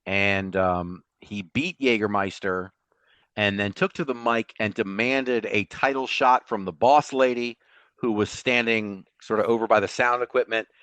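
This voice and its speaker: Animated storytelling man, dry mic. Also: lowish voice, unhurried, smooth, no echo. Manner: storytelling, animated, laughs often. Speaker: podcast co-host. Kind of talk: casual podcast chat.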